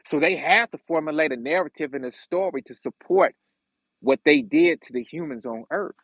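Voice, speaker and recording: Man, scripture teacher, high voice, slow deliberate pace, casual asides to listeners. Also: fairly bright tone, dry recording, low-quality recording. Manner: drawn-out reading, addresses listeners directly. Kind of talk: scripture reading with casual commentary.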